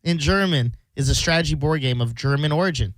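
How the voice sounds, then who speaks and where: A man in casual radio banter, animated and laughing, reading facts aloud from online lookups. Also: on the high side, fairly quick, no room sound.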